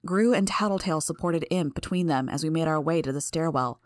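A woman narrating a first-person audiobook in a steady, measured reading. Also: low voice, dry recording, clean studio sound.

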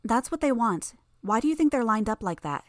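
A woman doing a smug, quick-witted teenage girl. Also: a little high, big pitch swings, no room sound, studio quality, pitched above the performer's own voice. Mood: knowing, urgent. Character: sharp-tongued smug teenage girl villain, know-it-all.

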